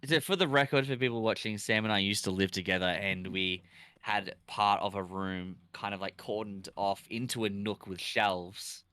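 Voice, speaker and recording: A man's voice: on the low side, steady tone, normal speed, pushed and bright, smooth, dry recording, clean studio sound. A young man streaming live, chatting with a friend and reading chat aloud, laughing often.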